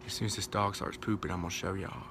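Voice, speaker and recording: A man, chatting in a sassy, animated vlog while walking his dog outdoors on a handheld phone. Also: sits low, quick pace, background noise. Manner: animated, sassy, playful running commentary. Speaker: vlogger. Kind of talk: casual vlog chat.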